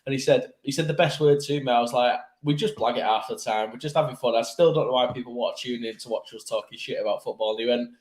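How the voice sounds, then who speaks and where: A man's voice: mid-range voice, fast, few pauses, darkish tone, low-quality recording. A man hosting a casual podcast, joking around, laughing often and swearing freely. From Manchester. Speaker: podcast host. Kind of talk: casual banter.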